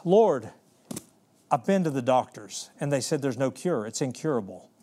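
A man's voice: mid-range voice, animated, normal speed, warm tone, natural voice. A man preaching, voicing a desperate man with leprosy who pleads earnestly for healing. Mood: pleading. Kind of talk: sermon storytelling.

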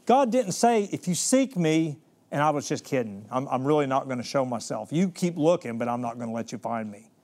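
A man preaching a sermon, telling a Bible story with slow, emphatic scripture reading and sudden hushed, quick asides. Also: mid-range voice, expressive.

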